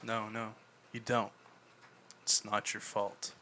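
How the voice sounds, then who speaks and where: A man reenacting a patient older therapist, repeating himself slowly with gentle, firm insistence. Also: on the low side, completely flat delivery, a little hiss or hum, pitched below the performer's own voice. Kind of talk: fan reenactment of a film scene.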